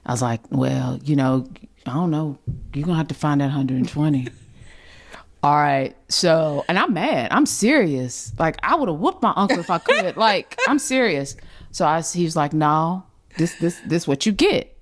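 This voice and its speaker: A woman co-hosting a podcast, telling a childhood story in casual chat, animated and laughing, acting out family voices. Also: sits low, moderate pace. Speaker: podcast co-host.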